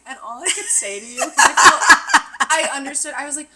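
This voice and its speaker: A young woman with a bright voice chatting with a friend, adding quick remarks and her own side of the story. Faint background hum sits under her voice. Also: high voice, animated. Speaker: podcast co-host. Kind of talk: casual storytelling chat.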